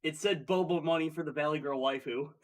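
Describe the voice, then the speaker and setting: A man's voice: on the high side, fairly quick, recorded from a distance. A man who runs the stream's tech, speaking in a dry, matter-of-fact way. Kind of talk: casual livestream chat.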